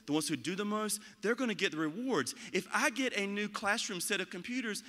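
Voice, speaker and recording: A man giving a motivational talk about school leadership, animated and acting out quoted voices. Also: sits high, long reverb tail. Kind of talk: motivational speech.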